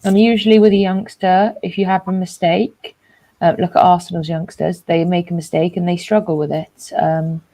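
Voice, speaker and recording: A woman's voice: fairly low pitch, level tone, moderate pace, mellow. A woman talking football in casual chat, rambling and jokey with lots of restarts. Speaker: co-host of a football reaction show.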